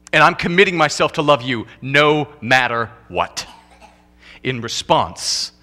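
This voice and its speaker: A man pastor preaching a sermon in a church, animated, swinging from loud emphatic lines to quiet low ones, and acting out couples' lines in quick comic voices.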